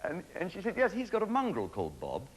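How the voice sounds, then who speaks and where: A man's voice: sits high, huge pitch swings, breathy edge. A man delivering a stand-up comedy monologue as the show's host, punching out one-liners. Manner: brisk joke-telling with punchlines. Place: TV studio stage before an audience. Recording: 1980s TV studio with a laughing audience, noisy.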